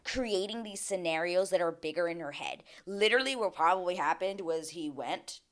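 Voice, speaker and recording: A woman's voice: fairly low pitch, moderate pace. Exasperated woman ranting through a recap. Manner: exasperated, ranting, swears freely. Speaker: reality TV recap host. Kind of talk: casual commentary.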